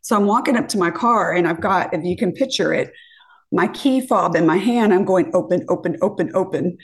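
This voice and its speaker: A woman in her fifties chats her way through a story, voice of middling pitch. She is animated and acts out each quote, her pitch leaping up for the punchlines. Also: fairly quick. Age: 50s. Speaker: podcast guest. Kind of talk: casual storytelling.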